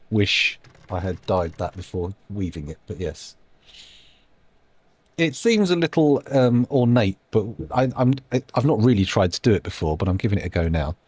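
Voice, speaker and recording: A man's voice: fairly low pitch, sing-song, moderate pace, darkish tone, slightly rough, no room sound. A man giving casual live-stream commentary while playing a game, rambling, musing aloud and making self-deprecating asides.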